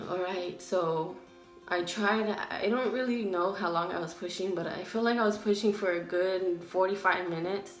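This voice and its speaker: A woman's voice: lowish voice, roomy sound. A teenage girl telling a personal story in a casual vlog, full of "like" and acted-out quotes. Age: teens. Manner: casual, filler-heavy retelling with acted quotes. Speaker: vlogger.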